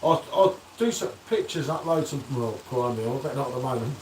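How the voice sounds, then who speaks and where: A man's voice: mid-range voice, expressive, fairly quick, darkish tone, a little hiss or hum. Chatty man, echoey and distant. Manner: chatty, banters and reads out viewer comments. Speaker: beer reviewer hosting a live stream. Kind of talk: casual live-stream chat. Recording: echoey room, distant from the mic.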